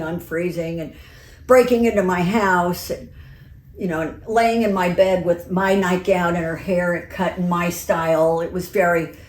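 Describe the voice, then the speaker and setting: A woman with a mid-pitched voice telling stories in a lively, chatty way, quick to laugh. There is a roomy echo around her voice. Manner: lively, chatty storyteller who laughs easily. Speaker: co-host. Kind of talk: casual chat.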